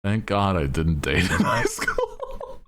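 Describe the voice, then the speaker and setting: A man's voice: low voice, huge pitch swings, slow, fairly bright tone. A male streamer chatting casually in a laid-back, slangy way and laughing often.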